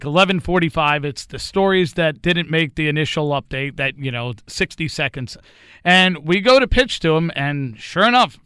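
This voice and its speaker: A man's voice: high-pitched, sharp tone, clear, resonant tone, dry recording, clean studio sound. A male host and former radio producer chatting in a casual interview, telling anecdotes and laughing often.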